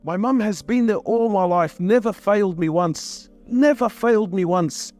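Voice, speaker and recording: A man's voice: fairly high pitch, mellow. A man giving an earnest, emotional sermon-style talk, repeating phrases for emphasis. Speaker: Muslim speaker.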